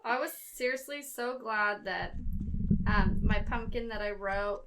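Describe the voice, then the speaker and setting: A woman's voice: medium pitch, unhurried, a little hiss or hum. A woman co-hosting a casual podcast, telling stories and acting out what people said. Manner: animated, acts out quoted dialogue. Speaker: podcast co-host. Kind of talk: casual chat, storytelling.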